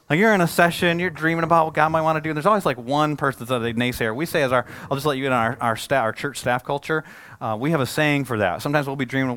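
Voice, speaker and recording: A male pastor preaching a sermon, who climbs in pitch and force for emphasis, drops low for asides and acts out quoted speakers. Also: rapid-fire, a bit bright, dry recording.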